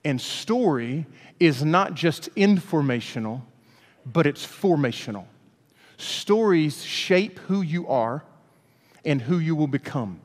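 A man from Alabama, preaching a storytelling sermon in a folksy, animated way. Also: on the high side, takes it slowly. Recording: long hall reverb.

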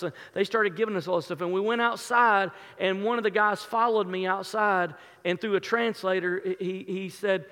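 Homme pasteur, voix aiguë, grande salle réverbérante. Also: male voice, high-pitched, fairly bright tone, in a large hall. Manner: earnest, emotional storytelling with many restarts. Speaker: pastor. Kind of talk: sermon storytelling.

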